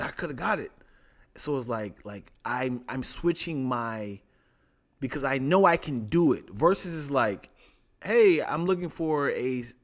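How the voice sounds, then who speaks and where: Animated young man telling stories. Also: mid-range voice. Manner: animated, acts out voices in his stories. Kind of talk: casual podcast chat.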